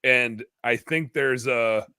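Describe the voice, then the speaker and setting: Bright-voiced man in casual podcast chat. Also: mid-range voice, takes it slowly, clear, resonant tone, no echo. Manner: loose, rambling, lots of fillers and restarts. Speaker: podcast guest. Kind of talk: casual conversation.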